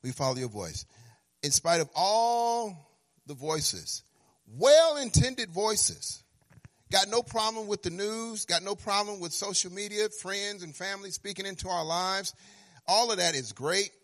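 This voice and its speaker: A man preaching a sermon in an animated way, acting out little dialogues, stammering into restarts and swinging between hushed and loud phrases with a sing-song lift. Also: sits high, unhurried.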